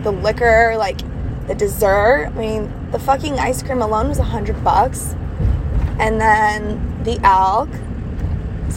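A young woman telling a story in a rambling, frank way, full of fillers and swearing, while riding in a moving car. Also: mid-range voice. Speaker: vlogger. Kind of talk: casual storytelling rant. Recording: loud car engine noise. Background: car engine hum.

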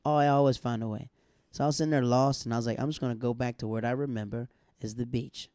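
A man on a casual podcast, telling a travel story with lots of energy and jumping into other people's voices, often laughing mid-sentence. His voice is dark and mellow. The recording is close and dry, with no room sound. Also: mid-range voice, quick pace, dry recording. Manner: animated storyteller, acts out other people's lines; laughs often while talking. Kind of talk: casual chat.

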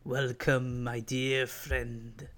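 Guy putting on a creepy old evil emperor voice, dragged out super slow and low, sinister. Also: level tone, a bit bright, slight background noise. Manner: slow, menacing drawl.

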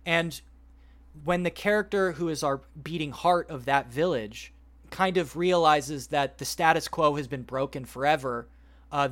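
A podcast host with a voice pitched a bit high for a man, telling a long story in a rambling, lively way. He keeps slipping in the characters' lines as he retells the plot.

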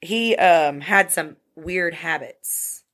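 A woman's voice: on the low side, slow pace, a bit bright. A woman telling a story in a casual podcast chat, blunt and profane. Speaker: podcast co-host.

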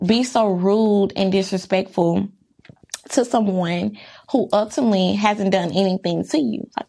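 Her voice is fairly high and gravelly as she vlogs in an informal monologue straight to camera. Candid, reflective, and centered on faith, she speaks emphatically and peppers her talk with rhetorical questions.

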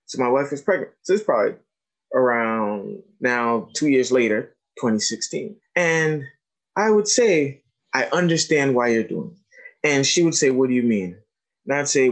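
Man in his 30s doing a casual talk for teachers on trauma, lively storyteller, does the voices of the people in his stories. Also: mid-range voice, moderate pace. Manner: storytelling, animated, acts out quoted dialogue. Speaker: trauma educator and presenter. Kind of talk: informal talk to educators.

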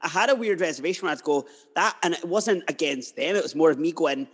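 A man's voice: fairly high pitch, animated, quick pace, breathy edge. A man hosting a podcast interview, chatty and emotional, drifting into personal stories. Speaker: podcast host. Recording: long hall reverb.

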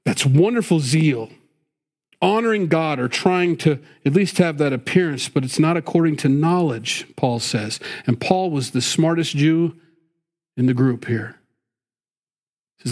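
A man's voice: a little high, normal speed, darkish tone. A middle-aged man preaching a sermon in a folksy, conversational way, dropping "you know" and "boy" as he goes. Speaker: pastor.

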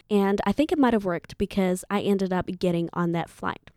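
A young woman in her twenties from Zimbabwe tells a personal story in a chatty, playful way, often turning to the listener with asides. Her voice sits at a middling pitch. It is recorded close and dry, with no room echo. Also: moderate pace, hardly any pauses, a little mellow. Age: 20s. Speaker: vlogger. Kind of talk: casual storytelling.

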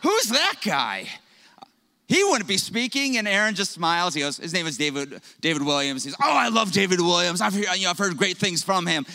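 A young pastor preaches to his congregation in a high, bright voice. He tells stories with a humorous, conversational touch and throws in quick asides. His delivery is lively and engaging. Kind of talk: sermon.

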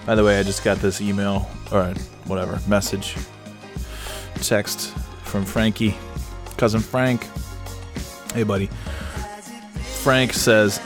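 A man's voice: fairly low pitch, flat delivery, takes it slowly, long pauses, music in the background. Rambling, self-mocking male podcast host. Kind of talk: casual comedic storytelling.

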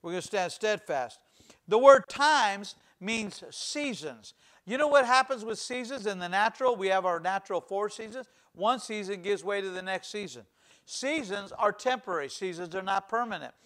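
A man's voice: high voice, lively intonation, moderate pace, a bit bright. A middle-aged male pastor preaching a fervent sermon, acting out the voices of scripture as he goes.

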